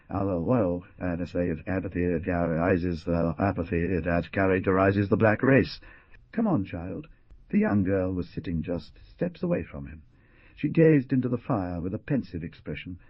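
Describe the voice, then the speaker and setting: A man's voice: low-pitched, slightly rough, no echo, lo-fi sound. A man narrating an adventure novel audiobook with dramatic, swooping emphasis.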